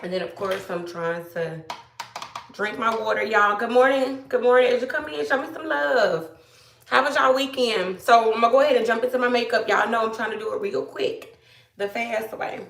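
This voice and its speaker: A woman from Georgia, chatting casually to viewers on a live stream, greeting them by name and a little hoarse after being ill. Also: on the high side, moderate pace, a bit bright, echoey room, far from the mic. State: slightly hoarse after illness. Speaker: livestream host.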